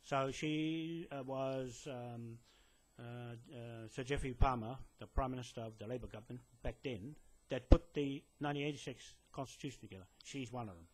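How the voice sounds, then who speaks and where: Inside a building, a man at moderate pace and medium pitch speaks directly to camera, aiming his message at a police detective. He is a land claimant, and he rambles with many fillers and restarts while insisting and lecturing.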